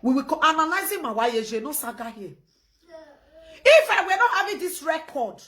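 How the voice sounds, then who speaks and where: Animated Nigerian woman ranting on a live stream. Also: high voice, a little fast. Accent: Nigerian Pidgin English. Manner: animated, laughing, switches between loud outbursts and quiet phone chat. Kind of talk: casual live-stream rant.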